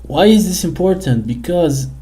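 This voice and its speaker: A man with a high, mellow, animated voice teaches children a simple English lesson, asking them lots of friendly questions. He speaks slowly and patiently, drawing the kids in through questions. The audio quality is poor.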